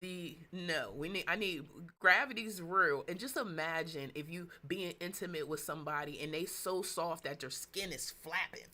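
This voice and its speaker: A chatty woman hosts her own livestream and reads viewer comments aloud as she goes. Her voice sits somewhat low but comes across bright and forceful. She jumps from loud excitement to quiet mutters. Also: normal speed. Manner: chatty, excitable, swings between loud gushing and low asides. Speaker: host of a live business stream. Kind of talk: casual livestream chat.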